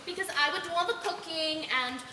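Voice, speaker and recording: A woman in a school play playing a childlike, excitable grown woman who pleads and cries out. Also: very high voice, a little fast. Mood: earnest. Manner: pleading, breathless, bursting into cries. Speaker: stage actor in a school play. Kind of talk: live stage acting. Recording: echoey stage from far off, faint noise.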